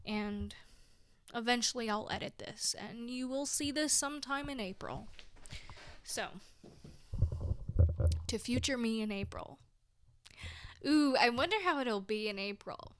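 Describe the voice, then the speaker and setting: Giggly, effusive young woman, bright voice. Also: fairly high pitch, unhurried, long pauses, clean tone. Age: 20s. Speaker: podcast host. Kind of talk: casual solo talk to listeners.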